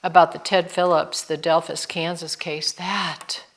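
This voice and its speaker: A woman hosts an online video call in a slow, unhurried manner. Her voice sits a bit low, and she speaks with friendly, measured care. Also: level tone. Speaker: host.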